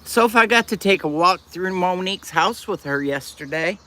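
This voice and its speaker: A man hosts a casual livestream, chatting and reading out replies to viewer comments. His voice is high-pitched and sharp, lively in delivery, at a moderate pace.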